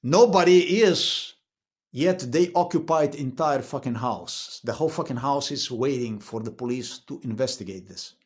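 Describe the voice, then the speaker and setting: A man's voice: medium pitch, normal speed, breathy edge. A man, filming himself at home in an agitated, profane rant, repeating himself. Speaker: vlogger. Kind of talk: angry filmed rant. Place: inside his house.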